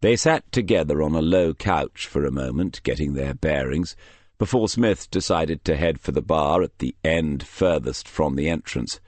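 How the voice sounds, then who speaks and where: Very deep-voiced male audiobook narrator. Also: lively intonation, darkish tone, dry recording. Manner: measured, dry storytelling. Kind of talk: scripted narration.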